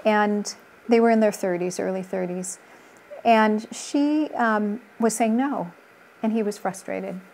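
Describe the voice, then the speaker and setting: A middle-aged woman, working as a relationship coach, talks earnestly in a conversational interview, telling stories from her practice and quoting the voices of people in them. Her voice is medium in pitch, a little slow, creaky, and slightly mellow.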